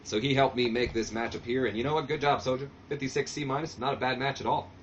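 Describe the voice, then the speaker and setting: A man's voice: mid-range voice, fairly even intonation, fast talker, lo-fi sound, slight background noise. A man hosting a let's-play commentary of a wrestling sim game, talking in a casual, sarcastic, self-deprecating way. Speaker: channel host.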